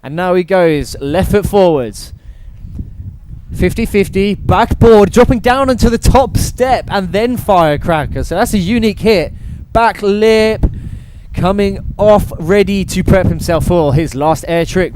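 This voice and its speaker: A man's voice: sits high, measured pace, darkish tone, slight background noise, low-quality recording. A man giving upbeat live play-by-play commentary at an outdoor wakeboard contest. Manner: upbeat play-by-play with trick names. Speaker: event commentator. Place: outdoor cable wakeboard park.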